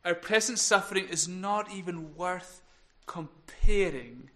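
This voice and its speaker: Earnest preacher with a higher voice. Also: male voice. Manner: earnest, builds to emphatic peaks then drops quiet. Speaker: pastor. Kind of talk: sermon.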